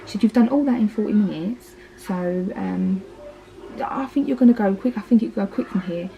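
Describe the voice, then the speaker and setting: A woman's voice: mid-range voice, a little fast, gravelly, phone-quality sound, slight background noise. A woman in her thirties with an Essex accent, chatting casually through her birth story with plenty of "like" and "um". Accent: Essex English. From Essex, England. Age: 30s. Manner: chatty, lots of "like" and "um", acts out quoted lines. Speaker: parenting vlogger.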